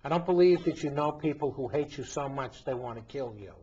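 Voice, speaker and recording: A man's voice: medium pitch, brisk, mellow, a little hiss or hum. A male priest hosting a talk show, delivering an emphatic, indignant commentary full of rhetorical questions. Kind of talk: impassioned commentary monologue. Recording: dull lo-fi recording.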